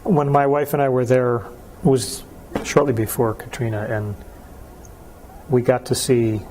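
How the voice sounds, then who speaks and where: A man interviewing a musician, asking his questions in a measured, pausing way. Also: mid-range voice, little pitch movement, darkish tone, a little hiss or hum. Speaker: interviewer, archive host.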